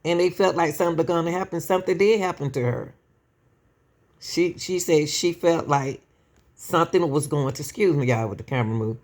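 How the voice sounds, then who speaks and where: A woman's voice: sits low, fairly quick, a little mellow. A woman hosting true-crime commentary who talks straight to her viewers with lots of rhetorical questions. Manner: keeps addressing the audience as y'all, asks rhetorical questions. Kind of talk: emotional casual commentary to viewers.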